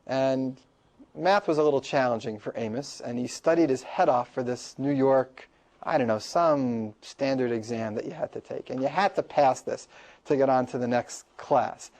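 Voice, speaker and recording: A man lecturing to a class, telling a story in an animated way and laughing often. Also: mid-range voice, moderate pace.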